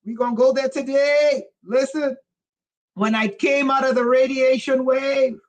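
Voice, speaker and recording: A woman spiritual teacher giving an impassioned lecture, emphatic and loud at times, again and again urging her listeners to listen. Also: sits high, fairly even intonation, unhurried, poor audio.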